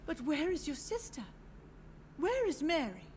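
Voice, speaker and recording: An actress voicing a frail, grieving old mother who drifts between memories and gently insists her dead still visit. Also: high voice, very animated, unhurried, noisy background. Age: older. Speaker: game character. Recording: game voice acting over loud game music.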